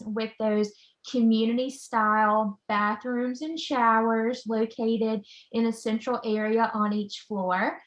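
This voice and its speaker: A woman who works as a college admissions counselor, giving an upbeat, enthusiastic presentation over a video call with the odd "um" along the way. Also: on the high side. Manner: upbeat and enthusiastic, with frequent "um" fillers. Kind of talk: informational presentation. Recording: echoey room.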